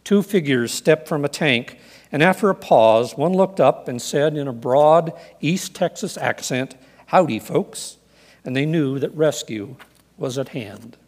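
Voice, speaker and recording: A man preaching a sermon in an earnest, measured way, reading scripture and telling stories. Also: on the high side, a little mellow, in a large hall. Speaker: pastor.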